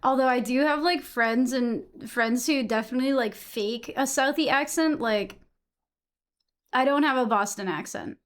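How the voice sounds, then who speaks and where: A woman's voice: high voice, normal speed. A young woman from Massachusetts chatting casually with her stream audience, answering chat messages and swearing freely.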